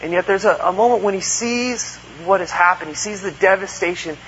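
A man's voice: high-pitched, fairly quick, a bit bright. A man preaching a conversational sermon, earnest, asking rhetorical questions and acting out quotes. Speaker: pastor. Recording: dull lo-fi recording with faint hum.

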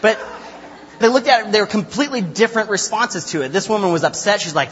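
A man's voice: sits high, expressive, fairly quick, fairly bright tone, breathy edge. Chatty young man teaching in an echoey hall. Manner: chatty and joking, many filler uhs. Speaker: youth Bible study teacher. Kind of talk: casual Bible lesson with prayer and stories. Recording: reverberant lo-fi hall recording with faint hum.

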